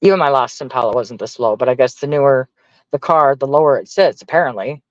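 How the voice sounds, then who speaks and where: A man's voice: mid-range voice, fast, no room sound, highs cut off. A man venting casually to his stream viewers, profane and exasperated as he rants. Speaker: livestreamer talking to chat.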